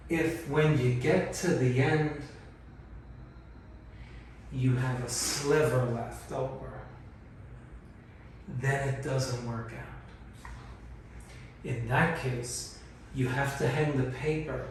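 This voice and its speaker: A man talks slowly and patiently, walking beginners through hanging wallpaper step by step. His voice rings through a bare, very echoey room. He sounds some distance from the mic, with a faint hum of room ambience behind him. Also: mid-range voice. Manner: patient, explains step by step, repeats points. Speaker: wallpaper installer teaching beginners. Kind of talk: hands-on instructional demonstration. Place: indoor room being wallpapered.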